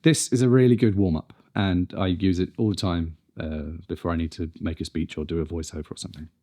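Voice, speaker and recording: A man's voice: low-pitched, steady tone, a little fast, mellow. A man teaching a pronunciation lesson, carefully demonstrating consonant sounds one at a time. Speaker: speech coach.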